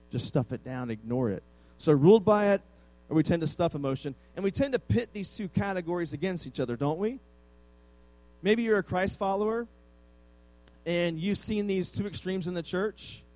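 A man's voice: high-pitched, darkish tone, no room sound, poor audio. A male pastor preaching a conversational sermon with self-deprecating humor.

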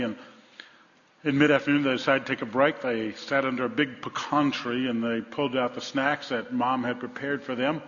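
A male pastor preaching a sermon, telling stories and swinging from loud emphasis to hushed tones. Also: medium pitch. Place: large church sanctuary. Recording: dull sound, long hall reverb.

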